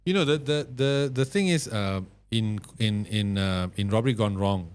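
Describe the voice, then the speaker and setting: A man's voice: lowish voice, normal speed, clear, resonant tone. Wry man hosting a chat. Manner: dry, teasing humour. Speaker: podcast host. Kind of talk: casual interview chat.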